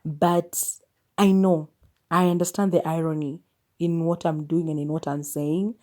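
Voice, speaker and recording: A woman's voice: deep voice, little pitch movement, measured pace, dark tone. A Kenyan woman hosting a solo podcast, sharing her opinions in a candid, musing way. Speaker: podcast host.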